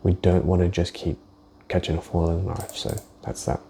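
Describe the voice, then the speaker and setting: A deep-voiced man with a gravelly, mellow tone talks loosely through his market analysis. He thinks aloud, swears now and then, and restarts his sentences. Faint background noise sits under the voice. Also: monotone, moderate pace. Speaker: forex trader. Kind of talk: casual screen-share market walkthrough.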